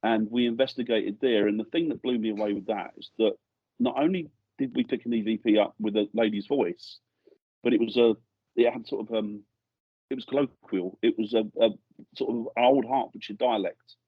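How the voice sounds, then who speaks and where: A man's voice: on the low side, moderate pace, husky, no room sound, muffled recording. A middle-aged man from England, a guest in a podcast studio, telling ghost-hunting stories in a rambling way that keeps restarting sentences. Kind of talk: casual storytelling interview.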